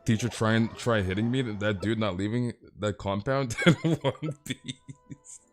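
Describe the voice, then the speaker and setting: A man's voice: fairly low pitch, measured pace, faint music behind. A man chatting casually on a live game stream, ranting animatedly and peppering his talk with "freaking" and "dude".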